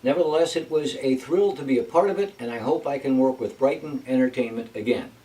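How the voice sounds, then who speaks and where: A man's voice: mid-range voice, brisk, warm tone. Brief: male vlog host and actor, casual and wry, sits back from the mic. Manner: chatty, wry asides. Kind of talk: casual personal update. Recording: voice from a distance off mic.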